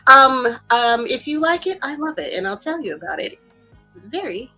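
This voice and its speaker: A woman co-hosting a casual livestream chat, excitable and rambling, often laughing at herself. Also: high voice, normal speed, soft background music. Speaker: co-host.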